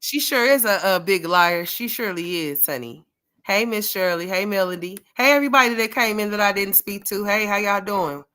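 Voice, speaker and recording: A woman's voice: mid-range voice, moderate pace, bright, forceful tone, clear, resonant tone. A woman hosting a casual livestream, talking in a folksy way and calling people honey and sweetheart. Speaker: livestream host. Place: home, camera off.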